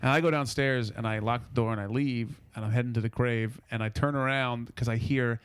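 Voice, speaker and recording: A man's voice: medium pitch, steady tone, fairly quick, clear, resonant tone, dry recording. Laughing man telling a story, dry sound. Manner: rambling, laughing storyteller who acts out quotes. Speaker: podcast co-host. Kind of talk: casual storytelling chat.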